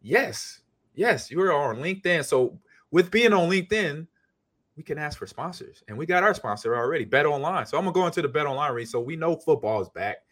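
A man co-hosting a sports and gaming podcast, chatting casually and animatedly, breaking into quick playful impressions. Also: fairly high pitch, lively intonation, fairly bright tone. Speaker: podcast co-host, former pro football player.

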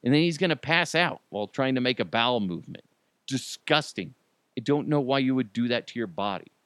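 A man hosting a comedy podcast, riffing in an animated, jokey way with mock outrage and silly voices. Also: mid-range voice, brisk, no echo. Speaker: podcast host.

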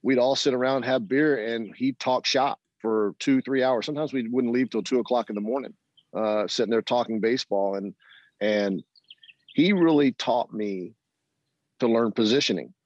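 Here a middle-aged man who once played baseball is a guest telling stories in an interview, laughing often and acting out the voices of those he quotes. His pitch is medium and his pace moderate, and the audio sounds dull with no echo.

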